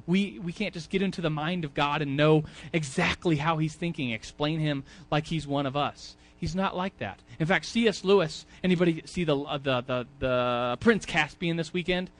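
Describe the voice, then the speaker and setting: Man, fairly high voice, casual church teaching, repeats words, asks the room questions. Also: normal speed, few pauses. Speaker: Sunday school teacher. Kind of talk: casual sermon. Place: church classroom.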